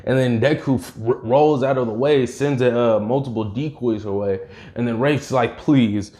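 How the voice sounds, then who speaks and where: A man's voice: mid-range voice, fairly even intonation, normal speed, warm tone. A man casually retelling an invented fan story, rambling with many fillers and restarts.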